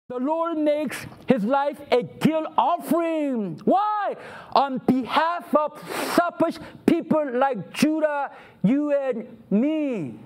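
A man's voice: very high voice, sing-song, slow pace, darkish tone. A man preaching a sermon, acting out the voices of God and of people who complain to Him. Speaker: pastor.

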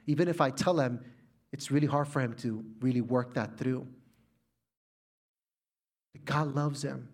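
A middle-aged Puerto Rican preacher delivers a sermon built around a personal family story. His voice sits at a medium pitch, animated for most of it but dropping soft and quiet when the moments turn heartfelt.

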